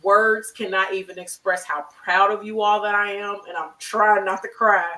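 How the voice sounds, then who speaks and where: Bright, effusive therapist host, roomy sound. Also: mid-range voice, level tone, moderate pace, far from the mic. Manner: effusive, emotional, faith-filled encouragement. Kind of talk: warm encouraging closing remarks on a live web show. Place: online video call.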